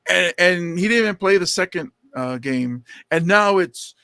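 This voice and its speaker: A man co-hosting a podcast, telling stories in casual chat and jumping into high quoted voices. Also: animated, moderate pace, sharp tone, clear, resonant tone, dry recording, clean studio sound. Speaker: podcast co-host.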